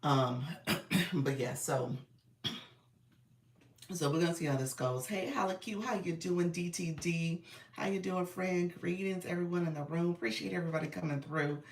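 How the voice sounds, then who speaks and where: A woman business coach hosting a casual livestream. She is under the weather and a bit raspy, and she greets viewers by name in an upbeat, encouraging way. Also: on the low side, fairly even intonation, moderate pace, echoey room, recorded from a distance.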